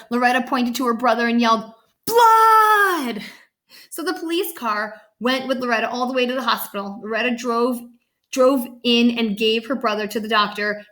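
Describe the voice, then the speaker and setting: A woman reads a picture book aloud to children and chats about the illustrations along the way. Her voice is bright and a little high. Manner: chatty, reacting to the pictures.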